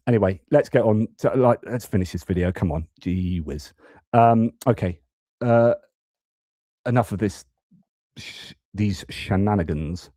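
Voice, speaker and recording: A man rambles through casual live stream commentary on war news, full of fillers and restarts. His voice is low and mellow. The sound is dry and close. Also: measured pace, long pauses, dry recording.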